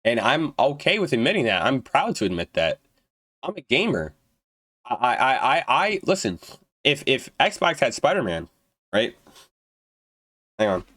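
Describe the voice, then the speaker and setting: A man's voice: medium pitch, big pitch swings, normal speed, a bit bright, no echo. A young man ranting about video games, blunt and profane, stumbling and restarting his words, his throat going dry. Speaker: gaming YouTuber. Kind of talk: unedited rant to camera.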